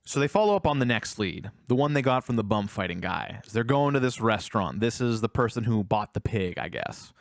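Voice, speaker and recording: A man's voice: fairly low pitch, animated, fairly quick, hardly any pauses, no room sound, clean studio sound. A man co-hosting a casual film review podcast, retelling scenes and acting out the characters' lines. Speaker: podcast co-host.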